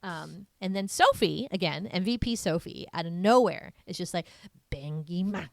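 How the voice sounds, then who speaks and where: A young woman talks through a film's plot in a loose, filler-packed podcast chat. Her voice sits a little low, and the recording is dry and close with no room sound. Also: animated, moderate pace, vocal fry, no room sound. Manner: rambling, filler-heavy storytelling, many "like"s; acts out character lines in a higher voice. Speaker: podcast co-host. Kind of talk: casual movie recap chat.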